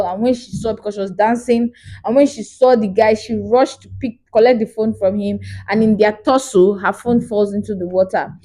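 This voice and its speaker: Woman, casual vlog recap, gossipy and expressive. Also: medium pitch. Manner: animated, gossipy retelling with acted quotes. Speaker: movie reviewer.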